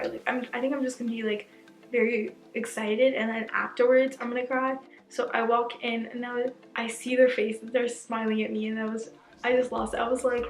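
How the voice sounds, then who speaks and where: A young woman talks to her viewers in a bubbly, gushing storytime, dropping "like" into nearly every sentence. Her voice sits a little high with a noticeable gravelly fry. The room around her is echoey, with faint music underneath. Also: brisk. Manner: gushing, excitable, fills speech with "like". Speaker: vlogger. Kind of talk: casual storytime chat.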